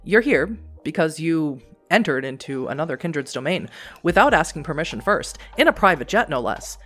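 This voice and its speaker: A man's voice: fairly high pitch, very animated, normal speed, fairly bright tone, faint music behind. A man doing a grandiose, mocking vampire prince. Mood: scolding. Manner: theatrical, overbearing, teasing.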